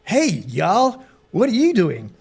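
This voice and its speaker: A man's voice: sits high, huge pitch swings, takes it slowly, vocal fry, darkish tone, breathy edge, voice pushed up, full character voice. A man doing a laid-back American surfer dude. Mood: easygoing. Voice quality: drawling, loose put-on accent. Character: laid-back tall male surfer type, former renunciate.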